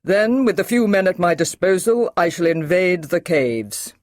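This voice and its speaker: A woman's voice: on the low side, a little slow, pitched above the performer's own voice, close to an everyday voice. A woman reading an audiobook, voicing a stern male army brigadier who talks in a firm, clipped, commanding way.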